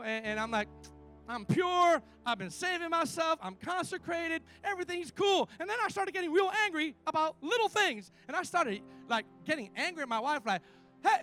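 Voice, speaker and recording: A man with a strikingly high voice preaches a sermon. He tells personal stories with energy and calls his congregation to respond. Faint music plays beneath him. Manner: animated storytelling with call-and-response. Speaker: pastor.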